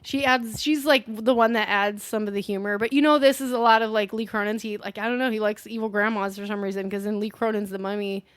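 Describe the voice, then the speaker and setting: A woman's voice: mid-range voice, steady tone, fast talker, hardly any pauses, no echo. A woman co-hosting a casual movie review, rambling through a plot recap with lots of swearing and fillers. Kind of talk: casual chat recapping a film.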